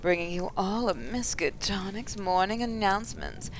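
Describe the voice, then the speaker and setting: A woman voicing a perky female school announcer, reading out bizarre notices with a bright broadcast-style cheer. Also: medium pitch, animated, normal speed, slight background noise, natural voice. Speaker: morning announcer.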